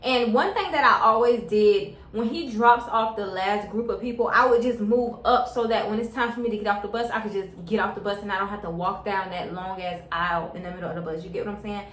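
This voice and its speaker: A woman's voice: medium pitch, brisk, hardly any pauses, fairly bright tone. A young adult woman telling a story to her viewers in a casual, slangy way, often calling them y'all. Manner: chatty, slangy, keeps addressing viewers as y'all. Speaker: vlogger. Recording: echoey room.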